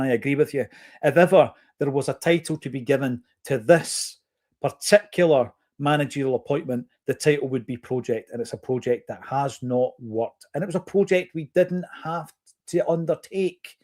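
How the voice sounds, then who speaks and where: Speaking in a slightly mellow, medium-pitched voice, a man with a Scottish accent from Fife runs a football podcast. He replies to listeners' comments earnestly and with firm opinions, keeping a measured pace broken by fillers.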